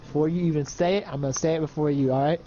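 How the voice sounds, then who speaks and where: A man's voice: fairly high pitch, steady tone, rapid-fire, mellow, dull audio, slight background noise. A man improvising an adventure story for a friend in casual voice chat, rambling with lots of fillers and checking in with the listener.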